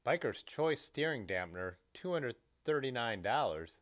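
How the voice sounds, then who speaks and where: A man's voice: medium pitch, big pitch swings, normal speed, a bit bright. A man hosting a casual livestream, rambling along and reading viewer comments aloud. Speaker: livestream host. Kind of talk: casual live chat.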